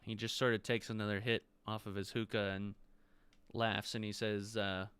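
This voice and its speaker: A man narrating as game master of a tabletop game, relaxed and descriptive with quick asides. His voice is bright and notably clean, and the recording is close and dry. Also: fairly low pitch, clean tone, no room sound.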